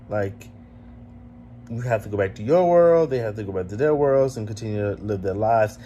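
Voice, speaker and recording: A man's voice: mid-range voice, normal speed, mellow, slight background noise. A man hosting his own vlog, talking in a casual, reflective and emotional way, rambling with lots of "like" and just woken up. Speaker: vlogger host.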